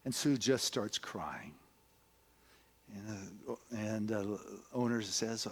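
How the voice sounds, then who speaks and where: A man's voice: fairly low pitch, takes it slowly. A male minister giving a sermon, earnest and conversational, moving into storytelling and often adding "you know".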